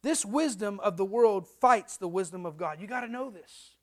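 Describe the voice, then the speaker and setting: A middle-aged man preaching a sermon as a pastor, animated and storytelling, acting out little voices. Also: high-pitched, moderate pace.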